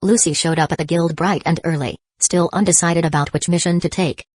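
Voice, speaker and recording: A woman narrating a fantasy audiobook in an even, measured reading. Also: lowish voice, slightly rough, dry recording. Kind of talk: scripted narration.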